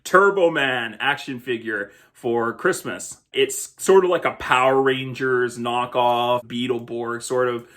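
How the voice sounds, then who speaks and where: A man's voice: mid-range voice, measured pace, few pauses, a bit bright. A man hosting a film review show, talking casually and conversationally about a movie. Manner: chatty, conversational, laughs now and then.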